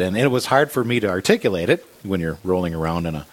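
A man earnestly recounting a painful hospital stay in a conversation about faith, halting and restarting as he talks. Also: sits low. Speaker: guest sharing a personal story.

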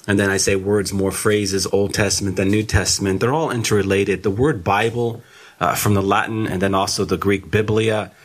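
A man who is a theology guest, explaining a topic in a measured teaching way and slowing down to stress key words. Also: lowish voice, steady tone.

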